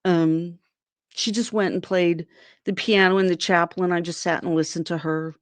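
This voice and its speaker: A woman from Arizona with a lowish voice tells a personal story at a moderate pace while being interviewed, with no room sound. She's animated, raising her voice to act out what people said.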